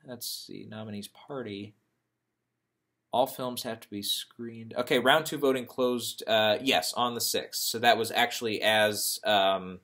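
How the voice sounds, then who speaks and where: A man's voice: mid-range voice, fairly bright tone. A young man talking casually about awards predictions, rambling and often correcting himself with fillers. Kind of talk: casual thinking-aloud commentary.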